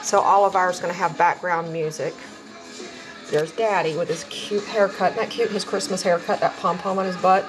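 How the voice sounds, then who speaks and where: A woman's voice: on the low side, steady tone, moderate pace, music in the background. A middle-aged woman, a dog breeder chatting casually through a home video and talking baby talk to her dogs. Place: house, indoors.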